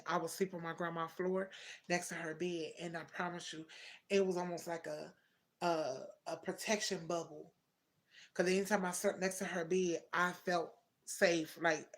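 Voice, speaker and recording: A young woman with a gravelly, fry-laden voice tells a personal story to her livestream viewers. She talks in a heartfelt, rambling way and often stops to correct herself. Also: lowish voice. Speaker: livestream host. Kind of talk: casual storytelling.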